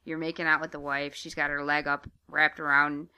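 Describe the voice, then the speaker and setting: Low-pitched, smooth-voiced woman chatting. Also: completely flat delivery, brisk, pushed and bright. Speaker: podcast co-host. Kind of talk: casual chat.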